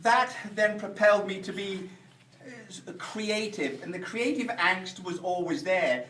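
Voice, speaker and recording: A middle-aged man from England giving a humorous speech at a function, animated and shouting punchlines. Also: sits high, unhurried. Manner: animated storyteller, shouting punchlines amid laughter. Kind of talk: humorous after-dinner speech. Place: function hall with audience. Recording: echoey hall, distant mic, noisy.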